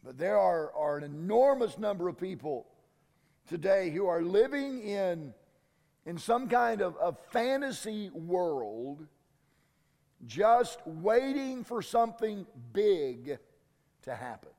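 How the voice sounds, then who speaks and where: A man's voice: high voice, very animated, slow, vocal fry, warm tone, in a large hall. A man pastor preaching a sermon in an emphatic way, often repeating words as he restarts.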